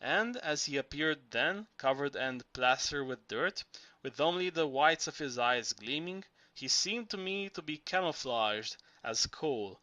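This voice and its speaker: A man reading novel narration aloud, steady with small restarts. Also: medium pitch, no echo. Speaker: audiobook reader.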